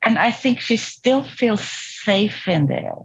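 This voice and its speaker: A woman as a therapy client, talking reflectively and hesitantly with restarts and soft laughs, over a video call. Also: mid-range voice, lively intonation, takes it slowly, breathy edge, dull audio. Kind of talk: therapy session talk.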